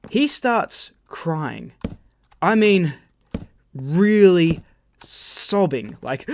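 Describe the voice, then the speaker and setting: Australian gamer guy, lively higher voice, rambling storyteller. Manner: rambling, animated anecdotes with profanity. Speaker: gaming channel host. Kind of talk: storytelling over gameplay commentary.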